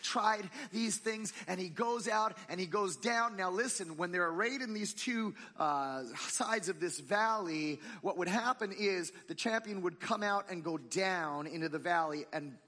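A man preaches in a church and retells the story in a conversational, humorous way. His voice is fairly high, bright and a little husky, and he keeps it lively. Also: moderate pace, few pauses, in a large hall. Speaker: pastor. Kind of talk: sermon storytelling.

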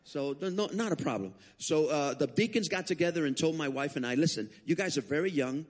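A man preaching as a guest speaker, telling his testimony as an animated story with frequent restarts. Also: on the high side, fairly quick. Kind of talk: sermon testimony.

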